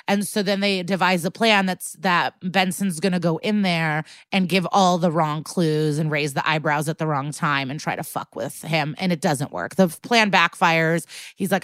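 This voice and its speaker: A woman with a slightly low voice talks through a TV episode as a podcast co-host. Her delivery is loose and chatty, with lots of filler and casual swearing. The recording is dry and close, with no room sound. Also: moderate pace, hardly any pauses, fairly bright tone, dry recording. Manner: chatty, swears freely, heavy use of "like".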